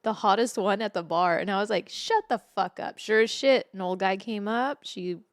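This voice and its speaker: A young woman tells stories on a podcast in an animated, profane way, doing the voices of the people in them. Her voice sits at an ordinary pitch and is recorded close and dry, with no room sound. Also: normal speed, no room sound. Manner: animated storyteller, swears freely, acts out quotes. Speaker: podcast co-host. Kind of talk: casual chat.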